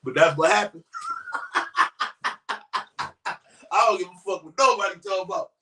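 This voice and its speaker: Brash high-voiced man, roomy distant sound. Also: normal speed. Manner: brash, profane, often shouting. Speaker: YouTube commentator. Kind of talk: profane crime-story commentary. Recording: roomy echo, voice away from mic.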